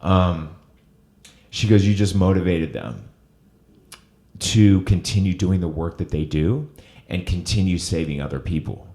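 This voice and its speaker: A man's voice: low voice, lively intonation, measured pace, long pauses, dark tone. A middle-aged man hosting an interview, telling a personal story in an earnest, emotional way. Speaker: host.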